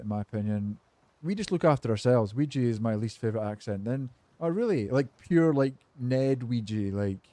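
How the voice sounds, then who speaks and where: A man's voice: fairly low pitch, warm tone, dry recording. A man streaming a game and chatting casually with viewers, laid-back and cynical, swearing freely and rambling between topics while he answers chat.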